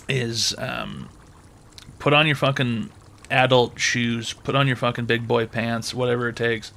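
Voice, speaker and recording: A man's voice: mid-range voice, steady tone, unhurried, gravelly, fairly bright tone. A man hosting a call-in advice show, giving blunt, crude, mocking advice and swearing freely.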